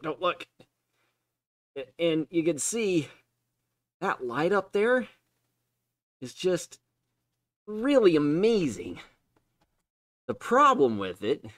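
Brief: lively, up-and-down man, casual game streamer, dry close sound. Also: a little high, vocal fry, no echo. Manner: chatty, laughs often, self-mocking. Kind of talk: casual live-stream chat. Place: unfinished home basement.

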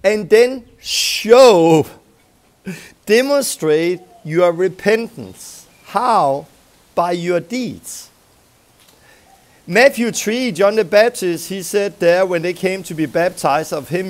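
Emphatic man preaching with gravelly voice. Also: sits high, sing-song, slow. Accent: Scandinavian. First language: Danish. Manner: emphatic, acts out little scenes with voices. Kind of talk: sermon teaching.

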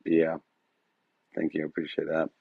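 A man's voice: very deep voice, monotone, measured pace, vocal fry, no room sound, phone-quality sound. A man hosting a live stream, talking in a hesitant, rambling way full of fillers, his voice turning emotional at moments. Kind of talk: casual live-stream chat. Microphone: phone.

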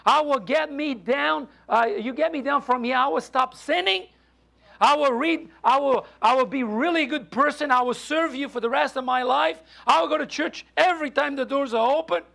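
A man voicing a terrified man hanging from a branch over a canyon, yelling and pleading for help. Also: very high voice, big pitch swings, slow, creaky, hardly any pauses, pitched above the performer's own voice, exaggerated voice. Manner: panicked, pleading yells.

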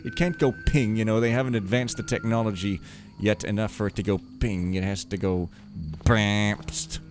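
A man's voice: lowish voice, brisk, a little mellow. A man giving rambling, wry gameplay commentary as a let's play host, talking to himself as he plays. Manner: wry, joking, talks to himself. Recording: game music behind voice. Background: game music.

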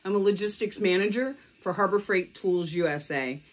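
A woman's voice: mid-range voice, normal speed. A woman from California reading a children's storybook aloud, giving the characters their own voices. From California, USA. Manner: lively read-aloud with voiced character lines. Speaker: storybook reader.

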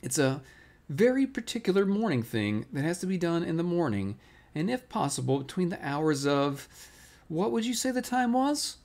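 A small, timid piglet, played by a man for a bedtime storybook. He frets and stumbles over his words, and his voice is lifted high above the reader's own. It swoops about in a lively, skittish way. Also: normal speed. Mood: nervous. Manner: anxious, fussy, stammering.

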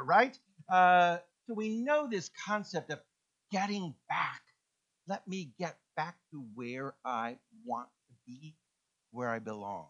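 A man preaching in a fairly high voice, acting out little voices and sinking into soft, low passages. The recording is dull and muffled. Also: moderate pace. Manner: animated, acts out voices, drops to soft low tones. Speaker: pastor. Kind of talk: sermon. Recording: dull lo-fi sound.

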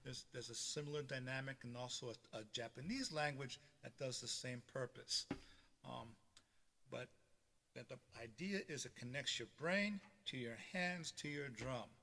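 A man's voice: medium pitch, moderate pace, sharp tone, slight background noise. A man teaching a live-streamed beginner drum lesson, explaining hand technique step by step and checking in with a frequent "okay". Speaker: drumming teacher. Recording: roomy reverb with drum sounds behind. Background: drumming between phrases.

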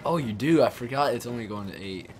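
A young man giving loud, excitable, trash-talking commentary while playing a game against a friend. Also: medium pitch, fast, slight background noise. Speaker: gaming YouTuber.

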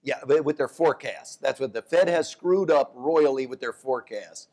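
Animated male economist guest. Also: medium pitch. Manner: animated, talks in quick bursts, restarts and corrects himself. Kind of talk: onstage conversation.

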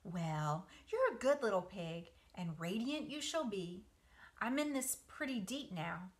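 A woman's voice: medium pitch, lively intonation, measured pace, close to an everyday voice. A woman voicing a patient, clever, motherly female spider in a children's story reading. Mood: tender.

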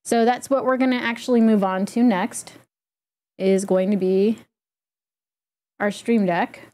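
Mellow-voiced woman explaining a tutorial. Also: medium pitch, fairly even intonation, a little slow. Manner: chatty, explains step by step with fillers. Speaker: streamer giving a setup tutorial. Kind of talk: casual screen-recorded tutorial.

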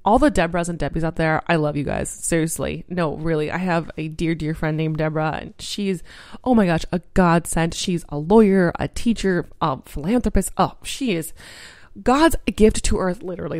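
A woman's voice: on the low side, a little mellow, no echo, studio quality. A woman hosting a podcast, talking casually in a bubbly, encouraging way with lots of fillers. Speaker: podcast host. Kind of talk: casual motivational podcast talk.

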